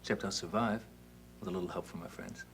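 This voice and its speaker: An actor playing an earnest widower in a TV soap opera, speaking in a heartfelt, reflective way. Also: male voice, sits low, fairly even intonation, fast, a little hiss or hum.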